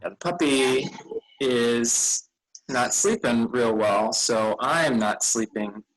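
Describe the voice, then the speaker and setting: A man's voice: medium pitch, takes it slowly, fairly bright tone, low-quality recording. A tired man leading a vacation Bible school session, chatting casually with children and rambling a bit as he loses his train of thought. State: tired, yawning.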